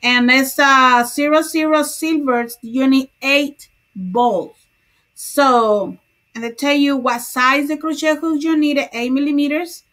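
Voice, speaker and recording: A woman's voice: high-pitched, slow, fairly bright tone. A woman hosting a crochet livestream, chatting casually, greeting viewers by name and laughing often.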